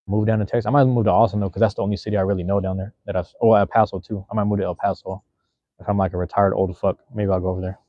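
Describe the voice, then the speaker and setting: A man's voice: lowish voice, flat delivery, rapid-fire, no echo, highs cut off. A young man in his twenties hosting a livestream, chatting loosely with viewers in rambling, profane slang from a room at home. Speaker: livestream host. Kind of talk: casual livestream chat reading viewer comments.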